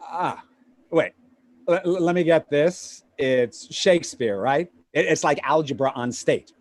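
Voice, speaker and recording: An actor playing a pushy, fast-talking male Hollywood agent in a live play reading over a video call, with rapid, stammering sales patter. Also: a little high, dry recording, close to an everyday voice. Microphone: home computer mic on a video call.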